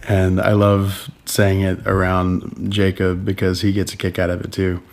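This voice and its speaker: Man, fairly low voice, accent-neutral, casual home vlog chat, rambling, chuckles, keeps it quiet at night. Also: monotone, a little slow. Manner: rambling, laughs while talking, frequent ums and restarts; keeps voice down so as not to wake a baby. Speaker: vlog co-host.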